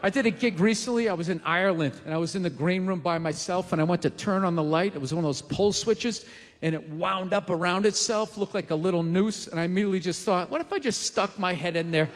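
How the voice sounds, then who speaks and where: A man in his forties doing a stand-up comedy routine on a live stage, ranting, swearing and often shouting. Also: high-pitched, quick pace. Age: 40s. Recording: live show with reverb and crowd noise.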